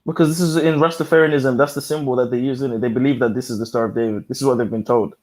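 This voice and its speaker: A man in a casual panel chat, explaining quickly and restarting mid-sentence. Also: mid-range voice, fairly even intonation, a little mellow.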